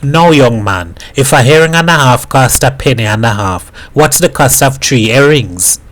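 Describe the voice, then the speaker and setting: A man voicing a gruff, earnest middle-aged man who talks in Caribbean dialect. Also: medium pitch, animated, normal speed, a bit bright, close to an everyday voice, rough recording.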